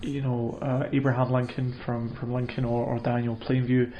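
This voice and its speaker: Rambling deadpan man, roomy muffled sound. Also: mid-range voice, moderate pace, a little hiss or hum. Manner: rambling, hesitant, full of restarts and fillers. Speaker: comedian. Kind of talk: deadpan comedic monologue.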